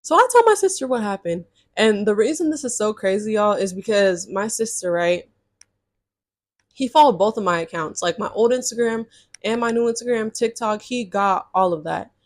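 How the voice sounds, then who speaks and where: A woman's voice: mid-range voice, expressive, normal speed, no echo. A young woman from California telling a casual storytime in a chatty, exasperated, slangy way. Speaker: storytime vlogger.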